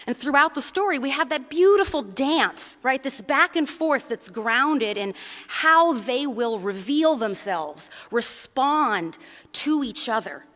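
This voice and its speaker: A woman's voice: fairly high pitch, expressive, moderate pace, fairly bright tone, big-room sound. A woman preacher giving a conversational sermon in a church. She tells a story and often checks in with the congregation.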